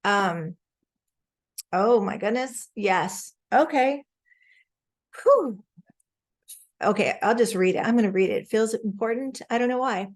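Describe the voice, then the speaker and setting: A woman's voice: on the high side, unhurried, pauses often. A woman teaching spirituality in a casual, earnest talk over a video call. She often laughs and grows emotional as she talks.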